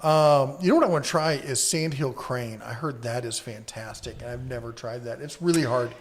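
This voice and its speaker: A man's voice: mid-range voice, normal speed. A man co-hosting a casual live-stream podcast, rambling easily and reading viewer comments aloud.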